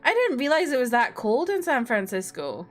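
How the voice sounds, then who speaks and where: With soft music in the background, a young woman from Scotland chats casually with her stream from a room at home, laughing and swearing from time to time. Her voice is high, swings widely in pitch, and moves at a normal speed.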